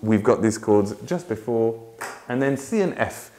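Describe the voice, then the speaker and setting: A man's voice: mid-range voice, lively intonation, measured pace, over music. A man teaching ukulele in a casual, chatty way, laughing often and breaking into song. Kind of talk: casual tutorial talk with sung demonstrations. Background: ukulele playing.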